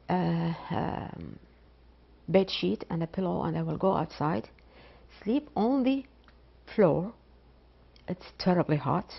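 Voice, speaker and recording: A middle-aged woman from Iraq, a biology professor speaking slowly and haltingly in an interview, with pauses and repetitions. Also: on the low side, gravelly, slightly rough. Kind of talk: interview testimony. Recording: dull lo-fi interview recording.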